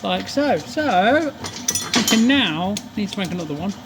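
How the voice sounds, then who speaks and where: A man with a slightly hoarse voice gives chatty, sweary commentary while working at a lathe in his workshop, full of self-mocking asides. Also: high voice, sing-song, unhurried, very noisy. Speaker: workshop fabricator.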